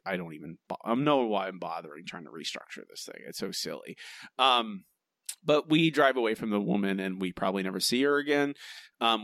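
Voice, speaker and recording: A man's voice: on the low side, a bit bright, no echo, studio quality. A man co-hosting a podcast, chatting sarcastically and with exasperation about a TV episode. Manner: sarcastic, exasperated, restarts often. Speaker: podcast co-host. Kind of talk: casual chat reviewing an episode.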